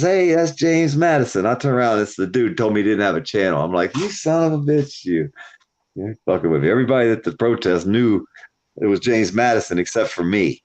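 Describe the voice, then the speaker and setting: A man hosting a live stream, telling stories in a profane, animated way. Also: on the low side. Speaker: stream host. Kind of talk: casual storytelling chat. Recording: dull lo-fi stream audio.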